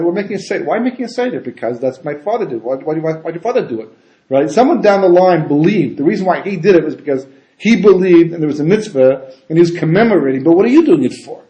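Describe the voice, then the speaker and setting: A man giving a casual Torah talk as a rabbi, animated and full of rhetorical questions and asides. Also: a little high. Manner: animated, rhetorical questions, frequent "you know" and "right?". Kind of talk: casual conversational Torah lecture. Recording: echoey room.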